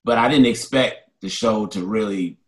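A man's voice: fairly low pitch, normal speed. A man hosting an interview podcast, chatting casually in an inquisitive, upbeat, eager way. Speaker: podcast host.

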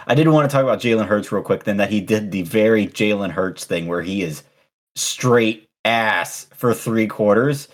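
A man's voice: lowish voice, normal speed. A man in casual podcast chat, blunt and opinionated. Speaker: podcast co-host.

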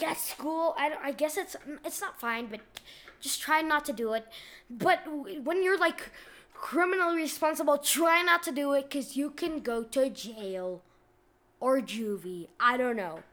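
A woman with a high, bright-pitched voice hosts a laid-back video, reading online posts aloud. She talks in loose slang, giggles often, and jumps between loud outbursts and quieter asides. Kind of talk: casual commentary and reading aloud.

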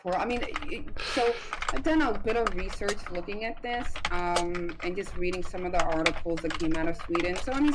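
An American woman with a somewhat low voice explains things patiently as a guest doctor on a podcast. She talks in a measured, hedging way, filling pauses with frequent ums. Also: background noise. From United States. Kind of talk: explanatory interview answers.

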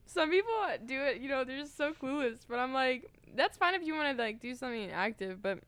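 A woman's voice: sits high, lively intonation, brisk, a bit bright, clean tone, no room sound. A young woman co-hosting a podcast in casual chat, giggly and saying "like" a lot. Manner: giggly, laughs until tearful, says "like" often. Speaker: podcast co-host.

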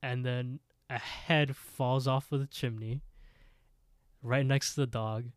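A man's voice: medium pitch, fairly even intonation, slow pace, smooth, dry recording, studio quality. A man co-hosting a podcast, retelling a scary story in casual chat with lots of fillers. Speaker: podcast co-host.

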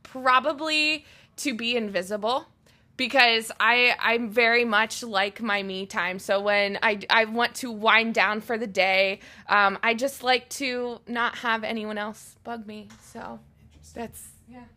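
A woman who coaches nutrition answers questions in a relaxed podcast chat at a gym. Her voice is bright and forward, and she speaks plainly and easily. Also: fairly high pitch, slow pace. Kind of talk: casual podcast interview. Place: fitness gym.

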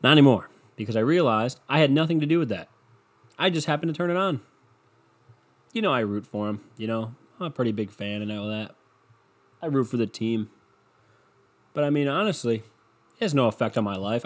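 A twenty-two-year-old man talks to his listeners in a loose, rambling way. He is sarcastic and profane and pokes fun at himself. His voice sits at an ordinary pitch for a man. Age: 20s. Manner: sarcastic, profane, self-mocking. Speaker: solo podcaster. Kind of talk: rambling casual monologue.

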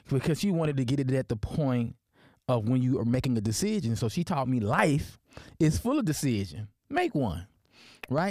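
A man from Memphis with a Deep South accent, hosting a personal podcast and telling stories with many fillers and restarts. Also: sing-song, normal speed, mellow, dry recording, studio quality. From Memphis, Tennessee. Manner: storytelling, many fillers and restarts, asks "right?". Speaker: podcast host.

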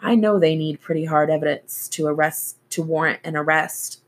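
Woman reading as a gentle ex-cop man, steady and soft, lowish voice. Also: moderate pace. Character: protective male ex-cop, calm and gentle.

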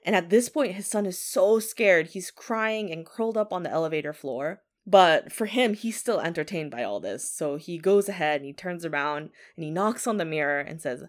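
A woman tells a ghost story in a relaxed, conversational way. She often says 'like' as she talks. Her voice sits a little low. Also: normal speed, hardly any pauses. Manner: chatty, filler 'like' often. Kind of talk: casual spoken ghost story.

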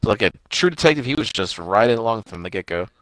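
A man with a bright, forceful voice co-hosts a casual movie review chat. He retells the plot in long run-on stretches, acting out quoted lines and swearing freely. The sound is dry and close. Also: fairly low pitch, expressive, quick pace, no room sound. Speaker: podcast co-host.

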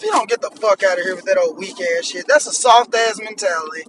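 A man's voice: high-pitched, expressive, fast talker, few pauses, fairly bright tone, a little hiss or hum, low-quality recording. A man in his thirties hosting a podcast, ranting bluntly and profanely in an annoyed tone. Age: 30s. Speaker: podcast host. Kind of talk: solo podcast rant.

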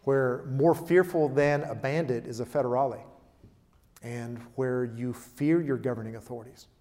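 A man preaching a sermon, emphatic, swinging between loud declarations and quiet asides. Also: mid-range voice, moderate pace. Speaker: pastor. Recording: long hall reverb.

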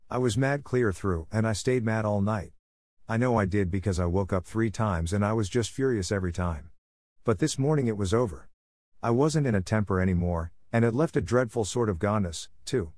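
A man's voice: on the low side, fairly quick, darkish tone, no room sound, studio quality, close to an everyday voice. A man voicing an imaginative, dramatic young orphan girl who pleads earnestly and theatrically. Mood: thoughtful. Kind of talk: audiobook character reading.

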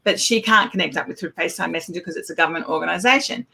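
A middle-aged woman, an Auslan educator giving a casual talk with lively anecdotes and acted-out exchanges. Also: lowish voice, rapid-fire, gravelly. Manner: animated storyteller, acts out quoted exchanges.

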